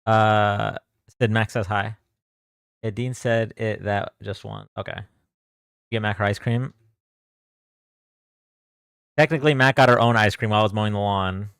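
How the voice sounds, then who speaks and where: A young man with a lowish voice hosts a casual live stream, chatting loosely and throwing out greetings to viewers by name. The sound is dry and close, with no room echo. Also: steady tone, moderate pace, gravelly, pauses often, fairly bright tone, smooth. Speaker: livestream host.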